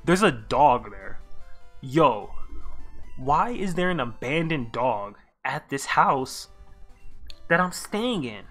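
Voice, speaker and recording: A male streamer retells a story in an excitable, profane rant full of slang. His voice swoops widely up and down as he gets worked up. Faint music plays underneath. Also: on the high side, slow, pauses often. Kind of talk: animated storytelling commentary.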